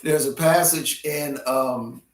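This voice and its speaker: A man teaching a Bible history lesson in an unhurried way, often repeating names in their alternate pronunciations. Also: medium pitch, fairly even intonation. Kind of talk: classroom Bible history lecture. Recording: roomy sound from a distant mic.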